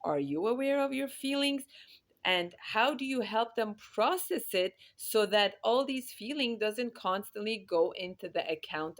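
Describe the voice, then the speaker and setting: A woman giving earnest, emphatic parenting advice, stacking phrases in repeated lists. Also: medium pitch. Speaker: parenting speaker.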